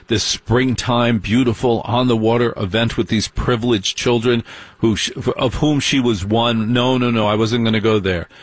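A man telling a long comic story in stand-up style, sardonic and animated, with mocking asides. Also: medium pitch, no room sound. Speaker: comedian.

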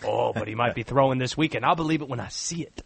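A man voicing an excitable, conspiracy-minded Cajun sports fan with a Cajun accent, rambling hot takes. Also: fast, vocal fry, husky, dry recording. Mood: suspicious. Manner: loud, high-pitched, rambling hot takes. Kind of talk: sports radio bit.

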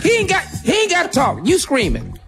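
Animated joking woman on radio. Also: high-pitched, fairly quick, over music. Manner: joking, animated, laughs often. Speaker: co-host giving advice. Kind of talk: casual radio banter.

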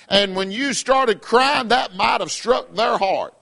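A man's voice: high-pitched, takes it slowly, vocal fry, hardly any pauses, sharp tone. A middle-aged man preaching a fiery sermon as pastor, in an emphatic, repetitive cadence.

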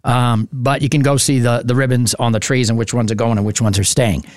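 A man hosts a morning call-in radio show, chatting loosely and filling pauses with "uh." His voice sits at an ordinary middle pitch and comes across close and dry from a studio microphone. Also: flat delivery, no echo. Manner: chatty and rambling, many "uh" fillers. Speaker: local radio talk show host. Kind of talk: casual open-mic radio chat.

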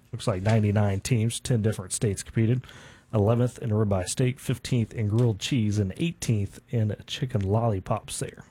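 A man co-hosting a local radio show, reading sports and community news in a relaxed way with fillers. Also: on the low side, slightly rough. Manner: relaxed, reads items with fillers. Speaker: radio co-host.

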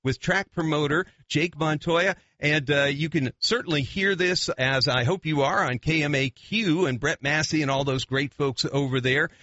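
Casting: bright, slightly high-voiced male radio host, upbeat promo style, dry dull studio sound. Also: normal speed, few pauses, no room sound. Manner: upbeat, promotional, repeats event details. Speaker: radio racing show host. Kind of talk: radio interview hosting.

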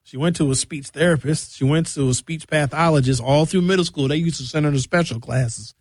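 A man's voice: on the high side, fairly quick, darkish tone, dry recording. A man hosting a radio show, rambling through a bawdy comic monologue. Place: radio studio.

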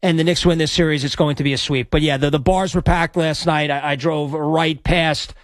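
A man's voice: a little high, steady tone, brisk, dry recording, studio quality. A man hosting sports talk radio, brash and rambling as he plugs an event and takes calls. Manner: brash, rambling, self-promoting. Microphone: studio microphone.

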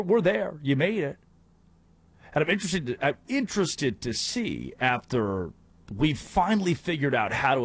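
A man hosting a sports radio show, talking in an animated, jokey monologue. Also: medium pitch, slightly rough, no room sound. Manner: animated, jokey, breaks into put-on voices.

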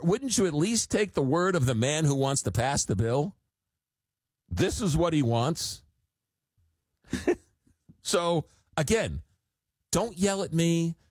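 Guy hosting talk radio, lively pitch all over, dry close sound, keeps restarting sentences. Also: no echo. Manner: animated, exasperated, frequent restarts. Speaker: radio talk show host.

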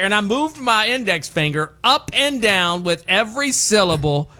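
A man's voice: sits high, big pitch swings, normal speed, hardly any pauses, sharp tone. A man co-hosting a radio show, telling a story in casual banter and laughing often.

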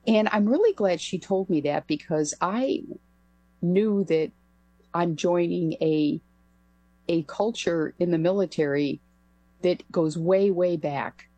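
A woman's voice: on the low side, slow, mellow, no echo. An older woman, a retired pilot, telling a story as a guest on a radio interview, with a light laugh now and then. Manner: anecdotal, laughs while telling. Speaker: guest, former pilot and astronaut.

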